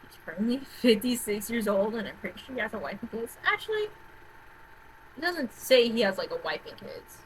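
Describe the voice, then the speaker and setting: A woman's voice: fairly high pitch, very animated, brisk, a little hiss or hum, poor audio. Rambling, swearing woman ranting casually. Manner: rambling, profane, repeats herself, big swings between loud outbursts and mutters. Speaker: vlogger. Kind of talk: casual rant about horror movies.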